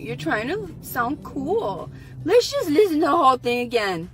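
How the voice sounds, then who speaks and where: A woman's voice: high-pitched, very animated, normal speed, faint music behind. A woman co-hosting a reaction commentary show, incredulous and mocking.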